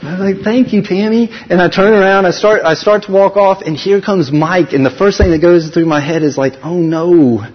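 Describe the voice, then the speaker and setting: A man speaking at a conference, telling a personal faith story with lively acted dialogue and frequent restarts. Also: high voice, brisk, few pauses. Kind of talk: personal testimony talk. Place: large conference hall. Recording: dull recording in a reverberant hall.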